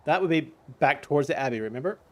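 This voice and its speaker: Guy running a tabletop game, kinda high voice, rambles, faint hiss. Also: lively intonation, quick pace. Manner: rambling, many restarts and fillers. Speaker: game master.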